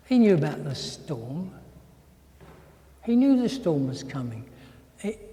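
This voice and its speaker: An older man preaches in a church, his voice sitting fairly high yet mellow and warm in tone. He tells a personal story with energy, acting out each exchange in quoted voices. The sound carries a long, hollow reverb from the hall. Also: big pitch swings, takes it slowly, pauses often. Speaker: pastor.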